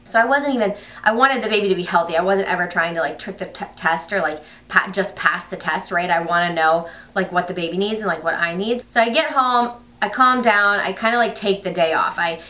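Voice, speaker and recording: Young female vlogger, lowish but bright voice, chatty with many fillers, mic set back a bit. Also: brisk, hardly any pauses, recorded from a distance. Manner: chatty, lots of "like" fillers, quoted asides. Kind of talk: casual storytelling vlog.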